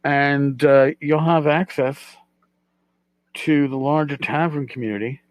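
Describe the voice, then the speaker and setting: A man's voice: fairly high pitch, steady tone, unhurried, dry recording, muffled recording. Rambling middle-aged male podcast host. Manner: rambling, self-deprecating, repeats words. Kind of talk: casual solo podcast talk.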